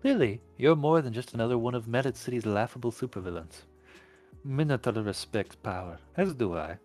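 A man's voice: medium pitch, lively intonation, brisk, a little mellow, soft background music, close to an everyday voice. A man voicing an amused, flirtatious woman crime boss with a velvety Russian accent, silky and courteous.

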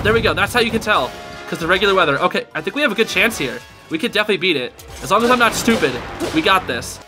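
Excitable young man, high lively voice. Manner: excitable, yelps and laughs under pressure; casual slang, says dude and bro. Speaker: gaming channel host. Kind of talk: live gameplay commentary. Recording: game music behind voice. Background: game music.

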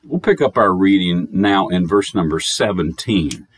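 A man's voice: deep voice, animated, unhurried, husky, no room sound. A man with an American accent, a pastor giving a pre-recorded sermon, preaching with emphatic, repeated phrases and reading scripture in old-fashioned wording. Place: recorded message, dry sound.

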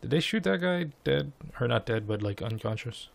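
Gravelly young man commenting on gameplay. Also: mid-range voice, expressive, normal speed. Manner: chatty, swears casually. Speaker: let's play host.

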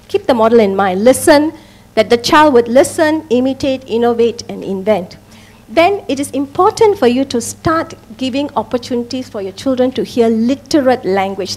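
Woman presenter, fairly high voice, emphatic talk to parents with frequent check-ins. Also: darkish tone. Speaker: speaker at a parents' education talk.

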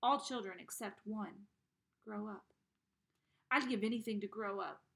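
A woman reading a novel aloud, narrating in the first person in an expressive, dramatic way. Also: mid-range voice, measured pace, gravelly. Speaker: reader.

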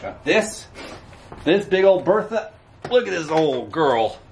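A man's voice: on the high side, sing-song, slow pace, creaky. A man vlogging outdoors by a road, rambling casually to camera with chuckles. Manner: rambling, chatty, chuckling, talks back to passing traffic. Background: faint outdoor ambience, passing cars.

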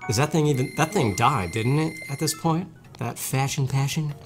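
A man's voice: mid-range voice, moderate pace, soft background music. A man hosting casual gameplay commentary, rambling and joking, often mocking himself. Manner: jokey, rambling, self-mocking. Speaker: gaming channel host.

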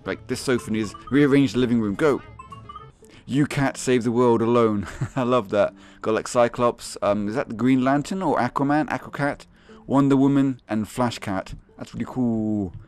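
A young man giving excitable, swearing commentary on a game, laughing often and yelping in high squeaks. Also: moderate pace, faint music behind. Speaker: gaming video host.

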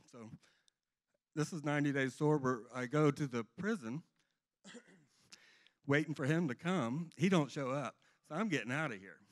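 A middle-aged man giving a rambling, earnest personal testimony to a church congregation. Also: mid-range voice. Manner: earnest, rambling storytelling with restarts.

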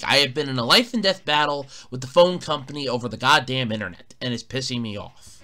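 A man's voice: mid-range voice, fairly quick, sharp tone. A man hosting a casual solo podcast, telling an exasperated, swearing story, recorded in a borrowed room at a fire company. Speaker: podcast host.

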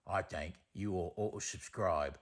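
A man putting on the voice of a gruff, blunt male mutant brawler, talking curtly in tough-guy slang. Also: sits low, unhurried.

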